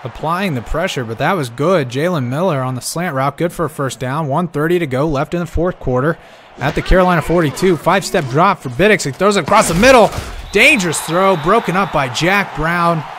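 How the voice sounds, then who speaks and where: A man calling a simulated football game play by play. He gets excitable, rises to shouts on big plays, and keeps talking straight to the listeners as folks. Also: fairly high pitch, a little fast, slight background noise. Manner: talks directly to the audience, calling them folks. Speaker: play-by-play commentator.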